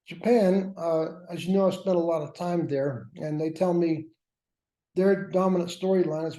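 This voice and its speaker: A man's voice: on the high side, steady tone, moderate pace, warm tone. A man teaching a workshop class, lecturing with wry, self-mocking asides. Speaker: workshop instructor. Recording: roomy echo.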